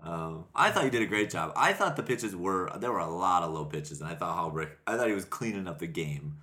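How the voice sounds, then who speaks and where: A man hosting a podcast, reading out listener questions in casual chat. He is relaxed and laughs often. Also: low-pitched, brisk. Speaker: podcast host.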